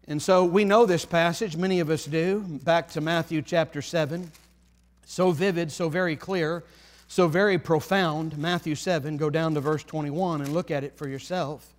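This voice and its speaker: A man preaching a sermon, earnest and emphatic, repeating phrases for effect and dropping to a hush to drive points home. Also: high-pitched. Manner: earnest, rises to emphatic pleading then drops to hushed.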